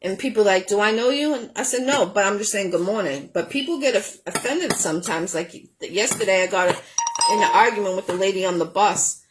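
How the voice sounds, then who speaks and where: A woman's voice: medium pitch, fairly quick, heavy background noise. A woman hosting a home cooking show, chatting in a rambling way with lots of ums while she cooks. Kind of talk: casual chat while cooking. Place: home kitchen.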